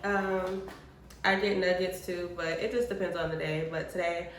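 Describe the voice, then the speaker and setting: A young woman co-hosting a casual vlog chat, relaxed and rambling with hesitant fillers. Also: fairly low pitch, normal speed, slight background noise. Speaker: co-host. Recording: echoey room.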